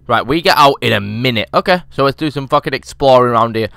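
A man's voice: mid-range voice, animated, fast, vocal fry, sharp tone, no room sound. A young man doing casual, sweary let's-play commentary as a gaming YouTuber. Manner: sweary, cheeky, chatty.

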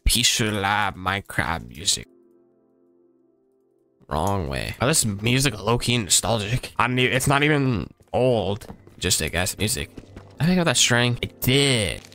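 A man's voice: lowish voice, expressive, measured pace, vocal fry, pushed and bright, faint music behind. A man giving casual running commentary while playing a game, talking to himself and swearing freely. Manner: chatty running self-talk, swears casually. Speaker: gaming channel host.

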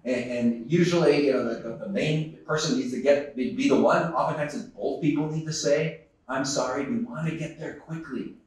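His voice sits a little high with a darkish tone and fairly even intonation, at a moderate pace. He gives a conference talk to a live audience, telling a story earnestly while often laughing and restarting his sentences; the large hall echoes and the microphone is distant.

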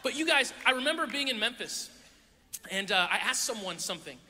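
A man's voice: very high-pitched, very animated, brisk, bright, forceful tone. A man preaching a sermon to a church audience, a playful storyteller who acts out the voices in his stories. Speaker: youth pastor. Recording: echoey hall.

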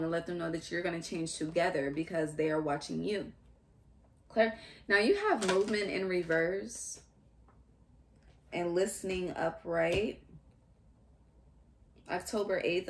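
Woman tarot reader, young adult, lower register; thinks aloud in fragments; noisy home recording. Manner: musing, halting, speaks in fragments and restarts. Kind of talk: casual tarot reading.

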